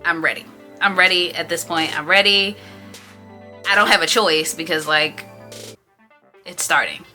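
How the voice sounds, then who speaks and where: Faint music plays beneath this beauty vlogger, a woman in her thirties, as she tells a personal story in a casual vlog. Her voice is lowish yet bright and clear, unhurried with frequent pauses. She gets animated, raising her voice to act out the others involved.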